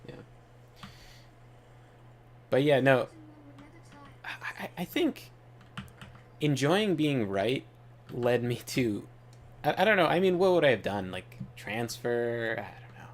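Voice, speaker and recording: A man's voice: medium pitch, very animated, slow, long pauses. A man hosting a gaming channel, telling rambling, offhand stories while he plays. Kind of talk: casual gaming commentary.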